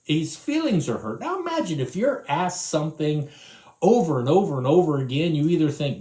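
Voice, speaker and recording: A man teaching a children's Bible lesson, retelling the story in an animated, conversational way. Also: fairly high pitch, normal speed, echoey room.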